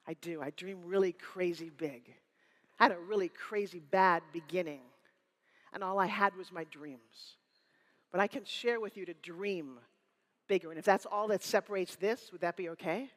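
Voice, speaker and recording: A woman in her fifties giving a live motivational keynote on stage, energetic and teasing, rallying the crowd with call-and-response. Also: medium pitch. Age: 50s. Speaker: motivational speaker. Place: stage before a live audience in a hall. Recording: room reverb.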